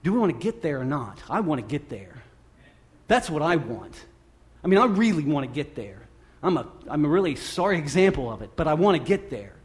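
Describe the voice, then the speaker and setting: Conversational male preacher, slightly high voice. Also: sing-song, brisk. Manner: conversational, self-deprecating, with emphatic rises. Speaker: pastor. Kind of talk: sermon.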